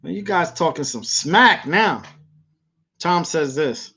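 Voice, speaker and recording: Animated slangy man hosting a livestream. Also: fairly high pitch, slow pace, husky. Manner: animated storytelling with slangy, repetitive speech. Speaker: livestream host. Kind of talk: casual livestream chat.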